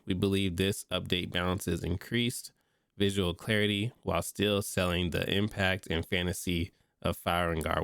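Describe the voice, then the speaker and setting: Stuffy male streamer with a deep, dry close-mic voice; reads text, then reacts in slang. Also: fairly bright tone, smooth, no echo. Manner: reads notes aloud, breaks off into slangy reactions. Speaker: streamer reading and reacting to game patch notes. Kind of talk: casual livestream commentary.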